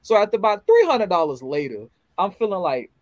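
A man co-hosting a podcast, telling animated, profane stories in casual chat. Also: high-pitched, brisk, dry recording, low-quality recording. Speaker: podcast co-host.

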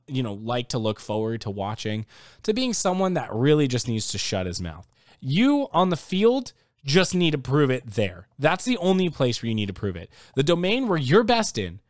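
A young man ranting in a casual sports talk, exasperated and getting louder and higher when he is worked up. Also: dry recording, clean studio sound. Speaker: sports commentator.

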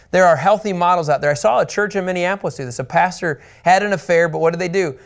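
A man teaching the Bible as a pastor, earnest and emphatic, repeating his key points. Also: sits high.

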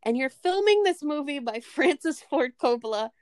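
A woman co-hosting a podcast in casual chat, animated and swearing freely, often acting out scenes. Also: high voice, normal speed, no echo, studio quality. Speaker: podcast co-host.

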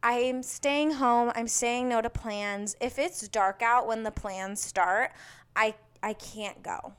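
A woman's voice: medium pitch, fairly even intonation, slow pace, a bit bright, clear, resonant tone. A young woman hosting a podcast, chatting casually and bubbly, with lots of fillers. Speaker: podcast host. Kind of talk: casual solo chat.

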